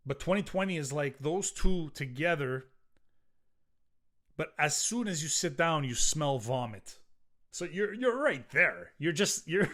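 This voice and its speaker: A man's voice: a little high, animated, measured pace, fairly bright tone. A middle-aged man hosting a solo podcast, ranting in a profane, rambling way with frequent restarts. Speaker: podcast host.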